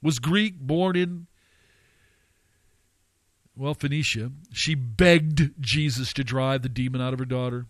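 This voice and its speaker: A man's voice: slow, long pauses, no echo. A man preaching a sermon to listeners. He asks them rhetorical questions and works up to fervent, pleading surges. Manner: impassioned, surging to fervent high-pitched pleading. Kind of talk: radio sermon.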